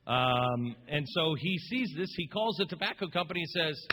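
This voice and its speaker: A man's voice: on the high side, lively intonation, normal speed, hardly any pauses, bright, forceful tone. A man hosting a talk radio show, telling a story in an impassioned, rambling, emphatic way. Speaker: radio host. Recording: long reverb.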